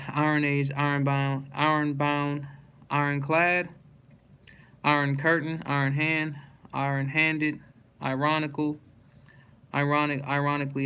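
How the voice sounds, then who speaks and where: A man reading dictionary words aloud one after another in a slow, steady monotone, stumbling and restarting on hard words. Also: on the high side, clean tone.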